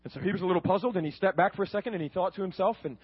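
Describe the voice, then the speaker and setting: A man's voice: sits high, very fast, breathy edge, dull audio. A man telling his faith testimony as a sermon, earnest and storytelling, often repeating words.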